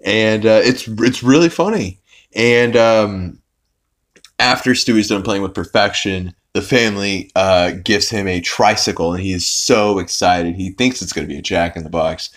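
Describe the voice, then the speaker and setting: A man's voice: fairly low pitch, normal speed. A young man hosting a podcast, recapping an episode in a rambling, casual way with lots of fillers and restarts. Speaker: podcast host.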